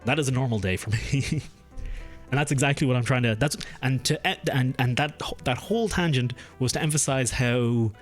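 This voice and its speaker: A young man chats loosely with his audience, stopping and restarting his sentences and drifting from one tangent to the next. Music plays quietly under his voice. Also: mid-range voice, moderate pace. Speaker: streamer. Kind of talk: casual live-stream chat. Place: home room.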